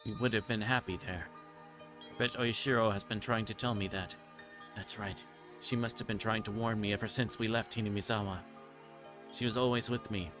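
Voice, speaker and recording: A man's voice: on the low side, fairly even intonation, moderate pace, music in the background, lightly acted. A man reading as a delirious, guilt-ridden young girl. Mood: anguished. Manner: repetitive, anguished, occasional stumbles over words. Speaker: streamer reading a visual novel aloud. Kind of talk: dramatic reading of game text.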